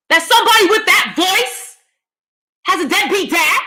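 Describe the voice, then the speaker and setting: An American woman hosts a casual livestream, reading the chat in an animated, blunt way at a moderate pace. Her voice swings between high and deep, and she tosses in laughing asides.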